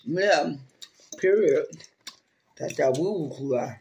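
A man with a somewhat high voice hosts a relaxed eating video. He chats between bites, hums over the food and laughs often. Faint noise sits under the voice. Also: slow pace. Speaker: mukbang host. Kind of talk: casual chat while eating.

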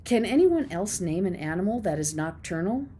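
A woman voicing a strict, quiet older female schoolteacher in a children's storybook reading, calm and correcting. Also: lowish voice, normal speed, slight background noise. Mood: stern.

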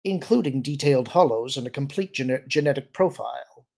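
A man's voice: medium pitch, expressive, vocal fry, darkish tone. A man voicing a composed senior male admiral who speaks coolly and with authority. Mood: firm. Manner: cool, measured.

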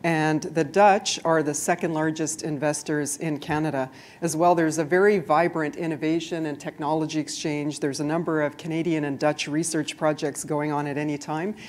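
A woman's voice: low voice, steady tone, normal speed, a little mellow. A woman diplomat giving an informative presentation at a trade forum.

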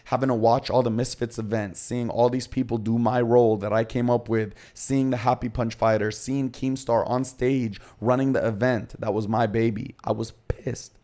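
A man's voice: medium pitch, fairly even intonation, normal speed, dark tone. A man as a podcast guest, candidly recounting his own story in short, confessional present-tense bursts.

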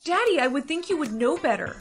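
A woman's voice: high-pitched, big pitch swings, quick pace, low-quality recording. A woman acting a spoiled, dramatic teenage girl in a short comedy skit, bossy and whiny. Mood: demanding.

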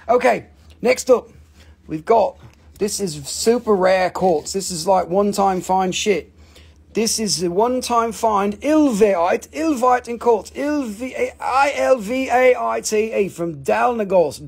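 A man's voice: sits high, lively intonation, normal speed, creaky, husky. A man hosting a live crystal sale, joking, rambling and cussing a lot as he goes through the items. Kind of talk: casual live sales chat.

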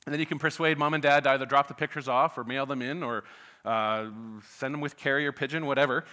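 A man's voice: medium pitch, steady tone, fast, pushed and bright. A man preaching to his church, folksy and chatty, with many filler uhs. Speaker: pastor. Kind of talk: sermon with a joke opener. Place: church sanctuary.

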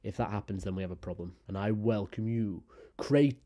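A young man chatting to his viewers in a loose, rambling way, full of fillers and casual swearing. His voice is low-pitched and dark, with a mellow tone. He sounds like a gaming creator thinking aloud. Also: steady tone, fast. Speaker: gaming YouTuber. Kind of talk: casual chat to camera.

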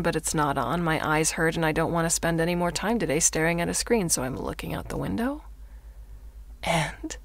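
A woman voicing a tired, sardonic adult woman who lives inside a computer, talking in a flat, weary way for an audiobook. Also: fairly low pitch, dry recording. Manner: weary and deadpan. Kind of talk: audiobook narration.

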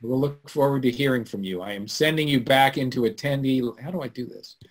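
A man hosting a live webinar, telling a story in an animated way that swings from loud to hushed. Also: medium pitch, brisk. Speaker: webinar host. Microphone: computer mic on a video call.

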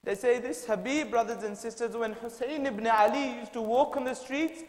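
A young man in his twenties, from the United Kingdom, giving an impassioned mourning sermon that swings from hushed to shouted and chanted lament. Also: extremely high pitch, fairly even intonation, moderate pace. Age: 20s. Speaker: lecturer. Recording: echoey hall with long reverb.

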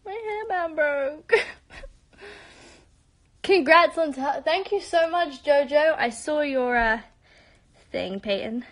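High-voiced British young woman chatting to fans. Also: slow pace, pauses often, fairly bright tone. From born in Spain, raised in London. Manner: chatty and bubbly, often dropping to a whisper for asides. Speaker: live-stream host answering fans. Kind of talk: casual live-stream Q&A chat.

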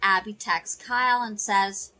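Here a soap opera recap narrator speaks in a steady, sharp, mid-range voice at a slightly slow pace. Captured on a rough recording, she loosely runs through the plot, saying "you know" and "she goes" a lot.

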